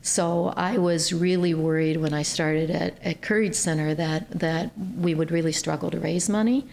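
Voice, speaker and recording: A woman from Ohio, a nonprofit CEO, telling stories as a guest on a podcast interview in an earnest, animated way. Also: low voice, moderate pace, gravelly, slight background noise.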